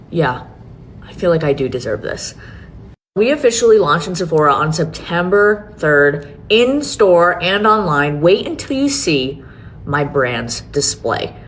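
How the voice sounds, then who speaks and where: A woman's voice: sits low, slight background noise. A woman who founded a beauty brand talks earnestly about its launch and swears freely. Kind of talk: emotional announcement video.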